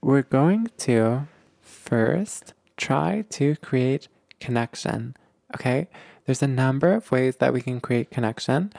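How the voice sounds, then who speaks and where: Gravelly-voiced man giving relationship advice. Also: medium pitch, expressive, slow, no echo, clean studio sound. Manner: gentle, explanatory, often checks in with "okay?". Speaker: relationship coach.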